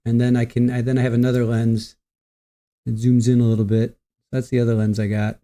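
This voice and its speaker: A man's voice: medium pitch, completely flat delivery, brisk, dark tone. A middle-aged man hosting a livestream, chatting casually and greeting viewers by name with easy laughs. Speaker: livestream host.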